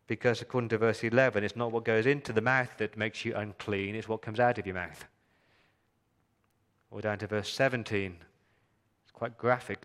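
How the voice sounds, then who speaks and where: A man preaching a sermon as pastor, talking to the congregation with rhetorical questions and swinging from loud emphasis to hushed, quiet lines. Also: lowish voice, fairly even intonation, a little fast.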